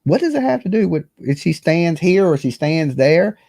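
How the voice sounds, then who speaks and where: A man's voice: a little high, sing-song, moderate pace, creaky, mellow, no room sound, studio quality. A man co-hosting a casual commentary show, blunt and exasperated, cursing often. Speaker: co-host.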